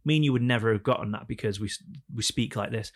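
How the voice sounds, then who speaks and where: A man with a Northern English accent in casual podcast chat, telling animated stories. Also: on the low side, fast. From Northern England. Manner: animated storyteller, slips into mock voices. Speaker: podcast co-host.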